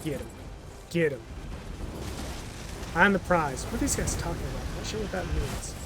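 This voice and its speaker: A man's voice: on the high side, lively intonation, normal speed, very noisy. A man giving casual let's play commentary as he games, talking to himself in a jokey, self-mocking way.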